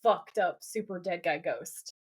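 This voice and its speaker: A woman's slightly rough, lowish voice moves a little slowly as she co-hosts a podcast, casually recapping a TV episode and quoting characters with plenty of swearing.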